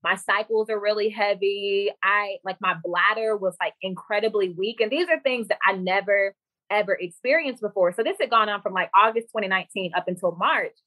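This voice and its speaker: A woman's voice: mid-range voice, brisk, no echo. A young woman, a guest on a podcast, telling her own story in casual chat and acting out what others said. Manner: lively storyteller who acts out quoted dialogue. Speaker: podcast guest, women's coach.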